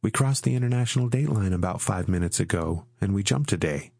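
A man's voice: lowish voice, lively intonation, fairly quick, vocal fry, a little mellow, no echo. A man voicing a polite young female airline stewardess in an audiobook, in a poised, courteous manner. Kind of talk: audiobook character voice.

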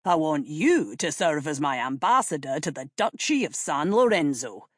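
A woman voicing a commanding young king who speaks in loud, imperious orders. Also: low voice, sing-song, moderate pace, no room sound, clean studio sound. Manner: blustering, imperious. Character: King James, commanding young royal man.

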